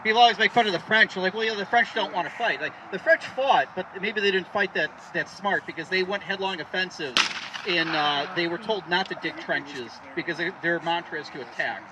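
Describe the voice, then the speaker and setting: A man's voice: high-pitched, fairly quick. A man giving a rambling outdoor history talk at a re-enactment, with many fillers and restarts. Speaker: re-enactment presenter. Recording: distant outdoor recording with loud background noise.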